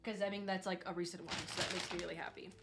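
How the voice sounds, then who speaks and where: Gushing, excitable woman streamer. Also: fairly low pitch, racing, over loud music. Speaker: livestream host. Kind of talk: casual livestream chat. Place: home streaming desk.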